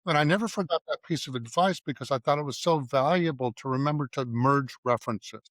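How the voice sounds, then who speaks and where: Speaking at a mid-range pitch and a fairly quick clip, this middle-aged man barely pauses, and the recording has no echo. He's a guest on a casual interview, an advertising writer and creative director, spinning anecdotes and performing bits of dialogue in quotes.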